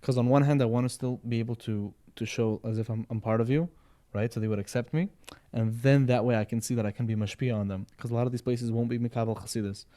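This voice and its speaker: A man's voice: mid-range voice, steady tone, fast talker, hardly any pauses, dark tone. A man in casual podcast conversation, rambling and repeating words, often checking in with "right?" and "you know". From Sephardi background.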